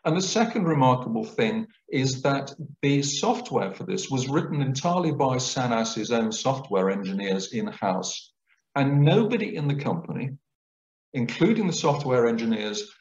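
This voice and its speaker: A man's voice: mid-range voice, moderate pace. Guy giving a talk, voice rising and falling a lot, kinda muffled sound. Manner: clear explanatory lecturing, lively intonation. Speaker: guest lecturer. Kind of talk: public lecture. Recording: roomy, dull lecture recording.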